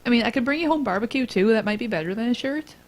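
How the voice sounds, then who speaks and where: Teasing woman with a slightly high voice. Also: lively intonation, very fast. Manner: teasing, laughs often. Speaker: podcast co-host. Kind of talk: casual chat.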